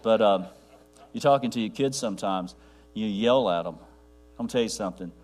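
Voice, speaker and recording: A man preaching a sermon to a congregation, rambling with restarts and dropping to a near hush for his quiet points. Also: lowish voice, moderate pace, faint music behind. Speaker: pastor.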